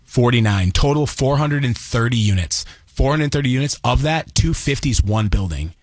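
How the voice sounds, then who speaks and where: A man chatting as a guest on a talk radio show, measured and agreeable as he walks through figures. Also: medium pitch, expressive, no echo. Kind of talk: casual talk radio chat. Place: radio studio.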